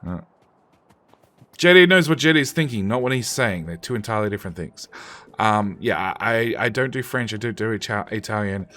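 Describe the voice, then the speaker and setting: A man's voice: fairly low pitch, animated, moderate pace, fairly bright tone. A man streaming a game live and chatting with viewers in a loose, joking, self-mocking way, often restarting his sentences and casually swearing. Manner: casually profane.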